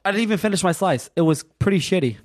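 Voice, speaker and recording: A man, a podcast guest who keeps cutting in with excitable banter. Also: high voice, fast talker. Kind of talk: casual chat.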